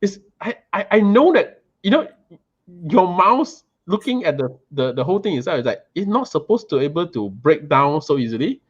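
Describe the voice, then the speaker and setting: A man telling an animated, casual story about a meal, often repeating and restarting words. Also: on the high side, moderate pace, breathy edge, dull audio.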